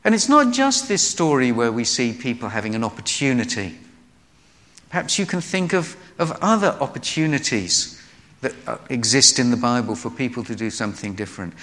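A man's voice: medium pitch, big pitch swings, normal speed, fairly bright tone. A man giving a sermon, telling Bible stories with acted-out quotes. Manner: storytelling, acts out quoted voices. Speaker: preacher. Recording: long hall reverb.

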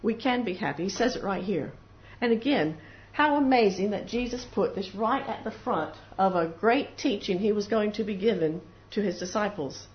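A woman with a mid-range, expressive voice preaches an earnest devotional sermon at normal speed with few pauses, now and then acting out little voices of doubters and people praying. The recording is dull and lo-fi, with faint noise.

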